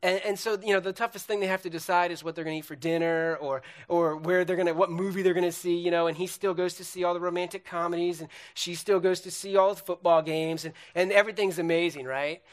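A pastor delivers a sermon in church with animated, chatty energy. His voice sits high for a man, and he often repeats words and starts sentences over as he talks to the congregation. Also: quick pace, hardly any pauses. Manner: animated, repetitive, stumbling restarts. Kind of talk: sermon with a puppet illustration.

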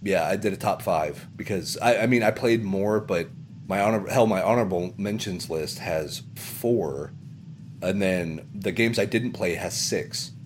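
A man hosting a casual podcast chat, easygoing and quick to laugh, with lots of fillers. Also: low-pitched, slight background noise. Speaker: podcast host.

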